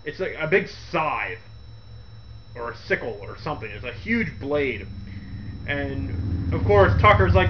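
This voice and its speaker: A man hosting a radio segment, giving a casual, rambling movie review with frequent laughs and quick character impressions. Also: on the high side, expressive, lo-fi sound, slight background noise. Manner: rambling, laughs often, acts out quotes in character voices.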